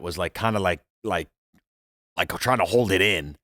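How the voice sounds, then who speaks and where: A man's voice: lowish voice, animated, normal speed, fairly bright tone, no echo, studio quality. A young man co-hosting a casual podcast, chiming in and adding to the story in a laid-back way. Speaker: podcast co-host. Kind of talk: casual chat.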